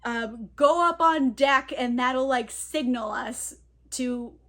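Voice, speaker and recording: A woman's voice: high voice, takes it slowly, a bit bright. A woman giving a chatty, sarcastic casual book recap, laughing often and using lots of filler words. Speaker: book reviewer.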